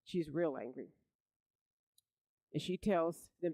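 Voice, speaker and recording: Preacher, sermon delivery, animated storyteller, mid-pitched, dry close sound. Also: unhurried, pauses often, no room sound, poor audio. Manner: animated storytelling, rising loud for emphasis; repeats words and restarts.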